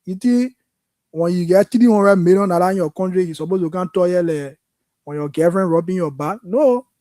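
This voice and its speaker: A man's voice: sits high, fairly quick, dark tone, no echo. Impassioned Liberian man hosting a call-in. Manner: impassioned, frustrated. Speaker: radio call-in host. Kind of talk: political talk show commentary.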